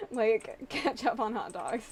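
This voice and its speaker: A woman's voice: a little high, big pitch swings, extremely slow. A young woman from the US Midwest chatting casually and giggling with viewers on a live stream. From Illinois, US Midwest.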